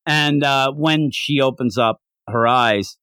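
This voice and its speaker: A man co-hosting a casual podcast chat, animated, often slipping into high put-on voices to act out character lines. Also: slow pace, clean tone, dry recording, studio quality. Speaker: podcast co-host reviewing an anime.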